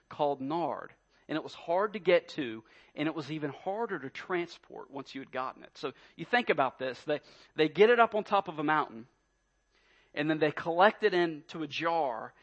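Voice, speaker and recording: Man, pastor preaching, emphatic, repeats words, rhetorical questions, slightly high voice, muffled lo-fi recording. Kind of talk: sermon.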